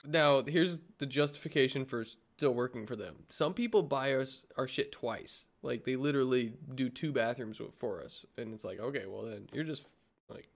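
Swearing, deadpan young man on a podcast. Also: medium pitch, normal speed, hardly any pauses. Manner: swears freely, deadpan joking. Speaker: podcast co-host. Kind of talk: casual crude banter. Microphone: video call.

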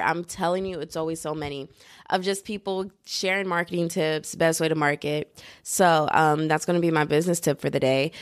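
A young woman hosts her own podcast from home and talks in a loose, bubbly, joking ramble full of slang. Her voice sits a little low for a woman. The sound is dry and close, with no room echo. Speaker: podcast host. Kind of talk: casual solo podcast chat. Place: indoors, at home.

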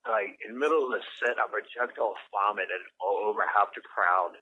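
A man's voice: lowish voice, fairly quick. A man chatting casually, telling rambling stories and swearing a lot, as a podcast guest. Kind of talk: casual chat. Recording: dull lo-fi sound with faint noise.

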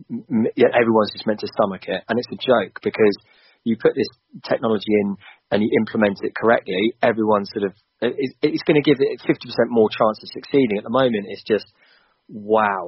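Husky-voiced man ranting about football. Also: on the low side. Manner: emphatic, swears freely, repeats himself. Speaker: podcast guest. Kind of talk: casual football chat. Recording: dull lo-fi dry sound.

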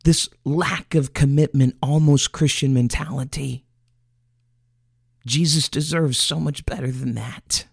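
A man's voice: medium pitch, steady tone, unhurried, gravelly, breathy edge, no echo, clean studio sound. A man preaching an earnest, emotional sermon, often restarting phrases as he builds his point.

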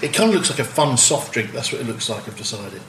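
Quick-talking blunt man, stammering restarts, echoey room with clattering dishes. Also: mid-range voice, sing-song, noisy background. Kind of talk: casual beer-tasting chat.

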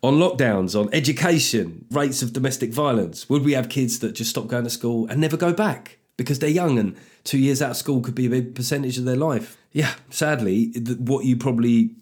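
A man's voice: mid-range voice, fairly quick, hardly any pauses, darkish tone. A man hosting a comedy podcast, delivering a sardonic, sweary comic monologue.

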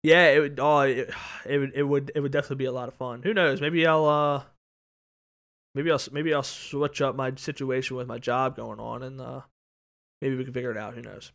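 A man's voice: mid-range voice, little pitch movement, brisk, gravelly, fairly bright tone. A man co-hosting a sports podcast in casual chat, rambling, repeating words and swearing freely. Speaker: podcast co-host. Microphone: podcast microphone.

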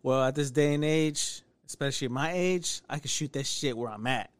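A man's voice: mid-range voice, a little fast, smooth. A man co-hosting a podcast, bantering casually with crude jokes. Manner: joking, profane banter. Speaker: podcast co-host. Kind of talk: casual chat.

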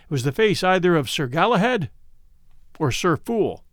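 A man narrating a classic short story as an audiobook in a measured storytelling way. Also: a little high, big pitch swings, no room sound, studio quality.

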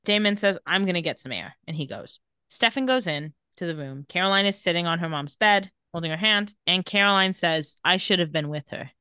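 A woman co-hosting a casual podcast, walking through the scenes of an episode and reading out the characters' lines as she goes. Her voice is bright and forceful, set a little low for a woman, and it sounds dry and close to the mic. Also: dry recording. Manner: animated retelling with quoted dialogue. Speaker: podcast co-host recapping a TV episode. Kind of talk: casual chat, retelling scenes.

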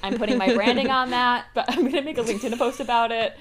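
A young woman co-hosting a podcast, chatting casually, animated and quick to laugh. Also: a little high, a crowd in the background. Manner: animated, laughs often, riffs on jokes. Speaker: podcast co-host. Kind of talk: casual chat.

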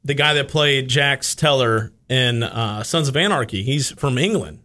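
A morning radio co-host chipping in to the casual banter with quick remarks. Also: medium pitch, expressive, bright, forceful tone.

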